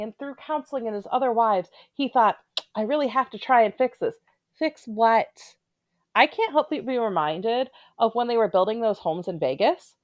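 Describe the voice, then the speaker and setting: A woman's voice: medium pitch, dry recording, lo-fi sound. A woman giving casual, opinionated commentary on a reality show, with blunt, sarcastic asides.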